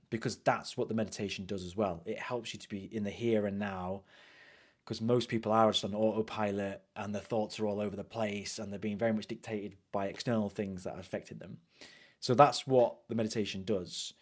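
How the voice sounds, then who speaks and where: A man's voice: fairly low pitch, fairly even intonation, fairly quick. A man with a British accent giving a casual live coaching talk, conversational and repetitive, often saying "you know". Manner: conversational, repeats phrases, frequent "you know".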